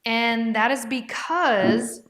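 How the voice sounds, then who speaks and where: Slow and a bit bright, her voice sits on the high side, and the recording carries a little hiss or hum. She's a product presenter on a casual home livestream with her dog, chatting with viewers by name, reading comments, and thinking aloud as she checks prices.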